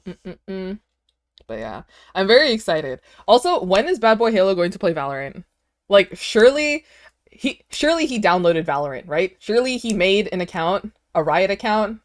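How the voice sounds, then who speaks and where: A woman in her twenties streaming from home, chatting casually and excitedly with her viewers, with lots of "like" fillers. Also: mid-range voice, moderate pace.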